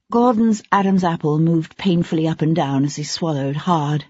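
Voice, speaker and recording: Husky-voiced audiobook narrator. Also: mid-range voice, normal speed, hardly any pauses, no echo. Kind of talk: scripted narration. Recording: slightly dull, dry lo-fi recording.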